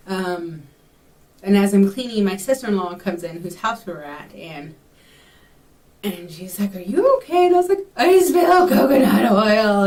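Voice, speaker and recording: A woman's voice: mid-range voice, darkish tone, far from the mic. Chatty young woman, a bit off-mic. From Texas. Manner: chatty, rambling, with many fillers. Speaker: vlogger. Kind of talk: casual storytelling vlog.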